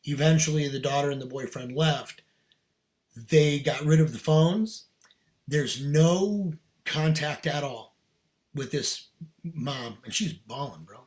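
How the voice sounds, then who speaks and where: Slightly high-voiced man telling a story. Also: slow. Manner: earnest, animated storyteller who laughs between lines. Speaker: podcast guest. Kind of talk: casual storytelling.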